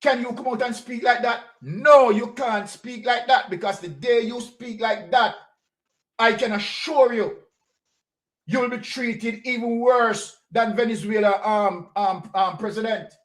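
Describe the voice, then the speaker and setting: A man's voice: extremely high pitch, a little slow, a bit bright. A man with a Jamaican accent giving a combative political commentary, directly accusing the person he talks about. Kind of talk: monologue commentary.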